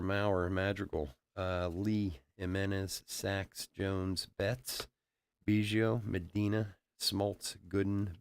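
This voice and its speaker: A middle-aged man hosting a live card break, chatting casually and telling stories with frequent laughs while calling out cards. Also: lowish voice. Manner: chatty storyteller, laughs often, calls out cards. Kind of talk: casual live-stream chat while opening card packs.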